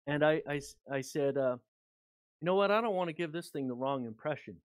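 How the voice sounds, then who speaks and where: A man's voice: a little high, animated, fairly quick, no echo, studio quality. A man, a guest author and researcher, telling a long anecdote in a casual, rambling way with many fillers. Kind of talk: casual storytelling in an interview.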